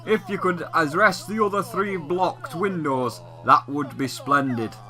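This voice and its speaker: A man voicing a cheerful top-hatted showman, loud and hearty, with a slightly rough working-class twang. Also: fairly high pitch, unhurried, soft background music, voice pushed up, full character voice.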